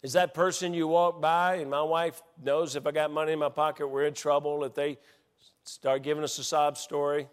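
A middle-aged man preaching a sermon as pastor, stumbling through restarts and building into excited storytelling. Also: a little high, moderate pace. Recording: long hall reverb.

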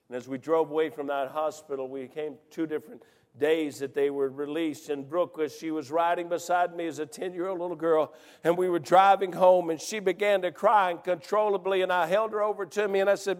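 A man preaching a sermon, telling a personal story with rising emotion and bursts of shouting. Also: on the high side, fairly even intonation, a little fast, big-room sound.

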